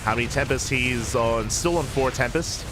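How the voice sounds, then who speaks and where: A man casting a live strategy game match with quick play-by-play, breaking into excited shouts at big plays. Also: mid-range voice, over music. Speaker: esports caster.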